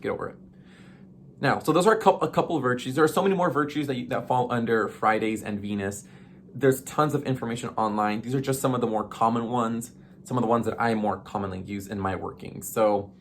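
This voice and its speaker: A man's voice: medium pitch, slight background noise. A man hosting a casual witchcraft tutorial, chatty and playful with sassy asides and frequent ums. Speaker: witchcraft video host.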